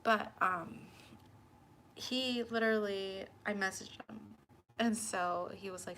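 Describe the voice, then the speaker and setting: A young woman talks straight to camera, telling a personal story in a loose, chatty way. She acts out the back-and-forth of conversations. Her voice sits at a middle pitch over a faint background hiss. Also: fairly quick. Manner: animated, acts out both sides of conversations. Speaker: tarot channel host.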